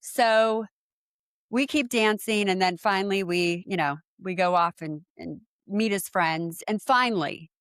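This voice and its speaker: A woman in her forties from San Diego, telling a personal story as a podcast guest and acting out what people said with lively jumps in her voice. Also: measured pace, clear, resonant tone, no echo, clean studio sound. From San Diego, USA. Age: 40s. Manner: animated, acts out quoted speech with big pitch jumps, lots of fillers. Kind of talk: casual storytelling in conversation.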